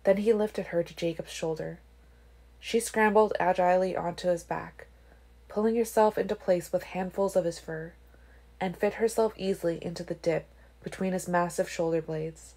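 A woman reading a novel aloud in a quiet, soft-spoken way, dropping to a hush for dialogue. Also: on the low side, fairly even intonation, moderate pace. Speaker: audiobook reader.

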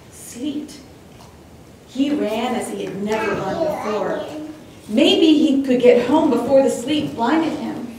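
A woman reading a suspenseful children's story aloud in a church, with expressive storytelling. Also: high voice, takes it slowly, pauses often, crowd noise. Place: church sanctuary. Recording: very echoey hall, distant mic.

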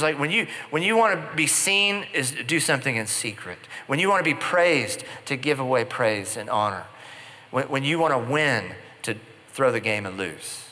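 Bright-voiced preacher in a reverberant hall. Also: male voice, medium pitch. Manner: conversational storytelling with playful asides. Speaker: pastor. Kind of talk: sermon.

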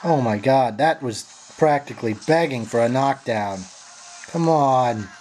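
Exasperated male gamer narrating his hunt, cursing at his helpers, mid-pitched, faint hiss behind him. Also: measured pace, darkish tone. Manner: frustrated, swearing, sarcastic. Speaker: gameplay commentator. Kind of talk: profane live gameplay commentary.

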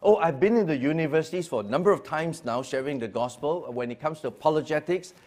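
Pastor telling a story. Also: male voice, on the high side, fast. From Singapore. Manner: storytelling, swings from hushed to lively and loud, repeats words. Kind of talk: personal testimony talk.

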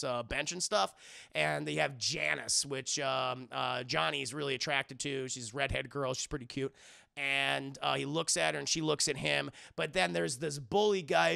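A man's voice: a little high, steady tone, normal speed, creaky, pushed and bright. A man recapping an episode to a live chat in a rambling, profane style. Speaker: online reviewer.

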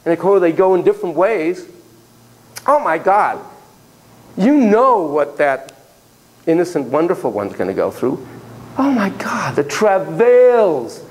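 Animated high-voiced male lecturer. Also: a little slow, long pauses, poor audio. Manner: animated and theatrical, with gasps, laughs and drops to a whisper. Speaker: psychotherapy lecturer. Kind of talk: classroom lecture, storytelling.

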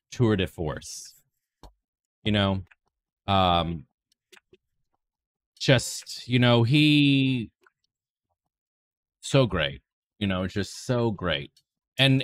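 Playful man with lively swooping pitch. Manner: playful, rambling, swings between breathy silly highs and deadpan mumbling. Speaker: livestreamer. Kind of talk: comedic stream chat impersonating a woman streamer.

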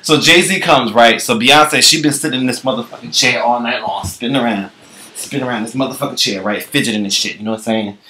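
A man vlogging, telling a profane comic story in an animated, chatty way. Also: medium pitch, quick pace. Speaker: comedy vlogger. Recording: echoey room.

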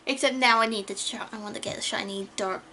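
A YouTuber opens trading card packs and chats casually through it, tripping over card names and gasping at good pulls. Her medium-pitched voice is level, sharp and a little breathy, and she talks fast.

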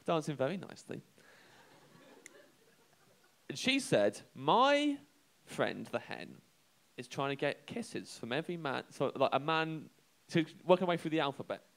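A young man telling a comic anecdote on a live show, halting and self-deprecating, chuckling between lines. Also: fairly high pitch, big pitch swings, gravelly, some chatter behind. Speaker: comedian telling a story.

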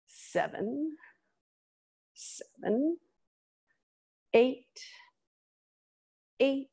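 A woman's voice: high-pitched, a little mellow. A woman in her thirties leading a workout class, counting reps and cheering people on. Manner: counts reps slowly with upbeat encouragement. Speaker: fitness instructor.

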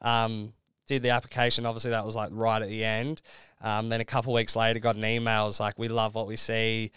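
A man's voice: fairly low pitch, monotone, fairly quick, a bit bright, clean tone, no echo. A young Australian man telling a story as a podcast guest, laid-back and full of "like"s. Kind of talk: casual chat.

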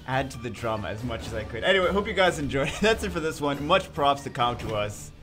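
A man's voice: mid-range voice, very animated, quick pace, a bit bright, soft background music. A man hosting a casual gaming vlog, talking animatedly and swinging from mock outrage to laughter. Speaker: gaming channel host.

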